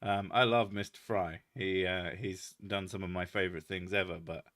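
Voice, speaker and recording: A man's voice: low-pitched, fairly even intonation, moderate pace, fairly bright tone. A British man hosting a casual chat, reading out viewer comments with lots of laughing, swearing and self-mocking jokes. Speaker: host.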